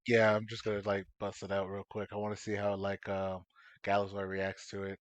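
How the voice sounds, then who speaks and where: A man's voice: fairly low pitch, completely flat delivery, brisk, dry recording. A man player in casual tabletop game chat, laughing often. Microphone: headset mic.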